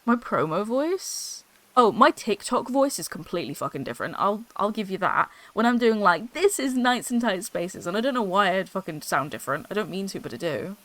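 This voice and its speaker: Over an old desktop microphone, a woman makes bubbly, casual chat on a gaming stream, laughing a lot and swearing freely. Her medium-pitched voice has big pitch swings and a fairly bright tone, and she speaks fairly quickly.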